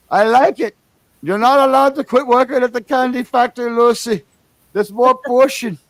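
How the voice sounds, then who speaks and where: A man's voice: very high-pitched, measured pace, pauses often, no echo, voice pushed up, low-quality recording. A man doing a comic impression of a hot-tempered husband scolding his wife. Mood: teasing scold. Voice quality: loud, teasing, exaggerated.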